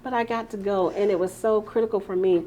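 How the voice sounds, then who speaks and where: A woman hosting a podcast, chatting casually and telling animated stories, acting out the voices of the people she quotes. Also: medium pitch, fast talker, a little hiss or hum. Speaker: podcast host. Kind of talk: casual chat.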